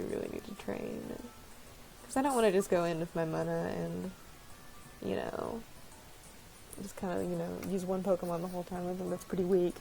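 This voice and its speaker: A woman's voice: medium pitch, creaky, warm tone, low-quality recording. A woman giving casual, rambling commentary while playing a game, often apologizing and laughing at herself. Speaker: let's-play host.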